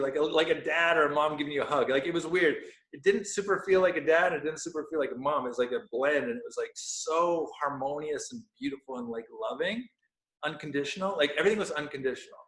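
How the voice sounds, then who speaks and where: A man's voice: medium pitch, fast talker, fairly bright tone. A man in his thirties, a podcast guest, telling a personal story in an earnest way and searching for words with many fillers. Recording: echoey room.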